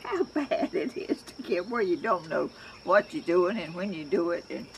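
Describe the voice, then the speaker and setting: A Georgia crafts vlogger, an older woman with a Southern accent, chats to camera outdoors at home in a meandering, homey way and keeps restarting sentences. Her creaky voice sits on the low side, swings widely in pitch, and runs at normal speed over a little hiss or hum.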